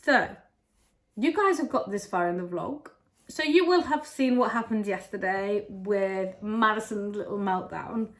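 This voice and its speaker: A woman's voice: medium pitch, measured pace. A woman and mother talking to camera in a casual vlog, candid and confiding as she chats through her week. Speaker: vlogger and mother.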